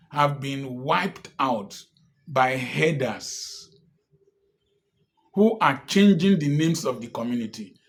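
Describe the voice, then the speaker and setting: A man delivering impassioned political commentary in a fairly high voice. He speaks slowly and deliberately, hammering home one rhetorical question after another. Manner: repeated pointed rhetorical questions.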